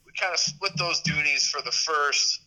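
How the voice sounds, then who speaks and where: Appearing as a podcast guest, a man in his thirties who hosts sports media chats loosely, restarting often and using fillers. He speaks at normal speed in a fairly high, sharp voice over poor-quality audio.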